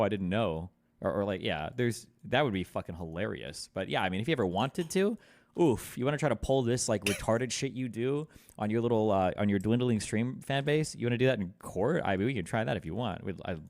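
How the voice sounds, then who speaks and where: A man in a played stream clip dares someone to take it to court, taunting as he talks. His voice is lowish and sounds dry and close, with no room around it. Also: animated, fairly quick, dry recording. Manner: taunting, challenging. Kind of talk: clip of a casual stream rant.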